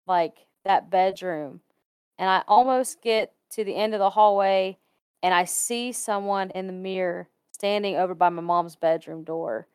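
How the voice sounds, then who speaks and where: A woman's voice: medium pitch, a little slow, clean tone, no echo, studio quality. A woman casually telling a personal ghost story, chatty and laughing often between sentences.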